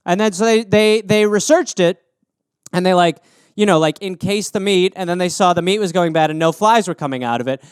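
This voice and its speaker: A man's voice: sits high, a little fast, smooth, dry recording, clean studio sound. A man in his thirties hosting a comedy podcast alone, riffing on listener suggestions, rambling and swearing, and slipping into silly voices.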